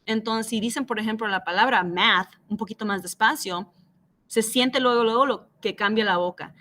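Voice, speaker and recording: Bright-voiced teacher modeling phonics sounds. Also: female voice, a little high. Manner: patient, explains slowly and models sounds aloud. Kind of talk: bilingual classroom phonics explanation.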